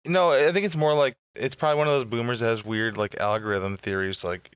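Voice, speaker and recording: Smooth-voiced sarcastic man, dry sound. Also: fairly low pitch, fast, few pauses, fairly bright tone, no room sound. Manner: crude, sarcastic jokes. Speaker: podcast co-host. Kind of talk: casual chat.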